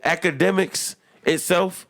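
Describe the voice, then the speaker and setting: Heated american guy ranting on a podcast, gravelly voice, on the higher side. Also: steady tone, unhurried, a bit bright. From United States. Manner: emphatic, heated and profane. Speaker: podcast co-host. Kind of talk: casual podcast debate.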